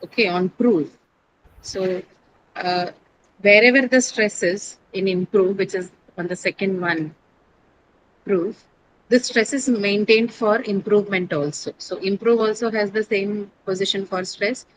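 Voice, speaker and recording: A woman's voice: medium pitch, unhurried, noisy background. A woman teaching an English class, explaining word stress step by step, spelling out letters and asking her students questions.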